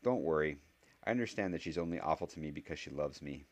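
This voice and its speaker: A man's voice: very deep voice, lively intonation, quick pace. A man voicing a clever, blunt eleven-year-old boy who talks in an earnest, argumentative way.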